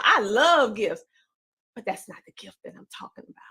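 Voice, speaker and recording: A woman with a Southern country twang delivers a motivational speech to her audience. Her voice sits high. She talks with repetitive, preacher-like emphasis. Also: lively intonation, a little fast, bright, forceful tone, breathy edge. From Southern United States. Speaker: podcaster and coach.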